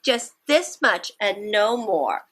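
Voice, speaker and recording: A woman voicing Mister Carp, a calm grown man who cares for fish in a children's picture book, speaking slowly and patiently. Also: mid-range voice, a little hiss or hum.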